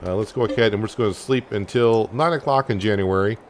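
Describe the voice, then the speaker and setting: Male gaming host, lowish voice, easygoing let's-play commentary, faint game noise behind. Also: fast. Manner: relaxed, thinking aloud with many fillers.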